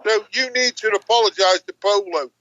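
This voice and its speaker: A man's voice: high-pitched, fairly quick, bright, forceful tone, no echo, lo-fi sound. An older English man teasing the others on a stream in casual chat, repeating himself for effect. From England. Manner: teasing, repetitive. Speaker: guest streamer.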